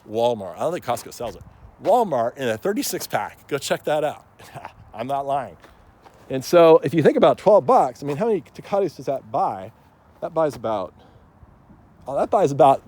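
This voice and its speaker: A man's voice: medium pitch, a little mellow. A man talking casually to camera as a plant grower, rambling and joking with lots of fillers and frequent chuckles. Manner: chuckles often.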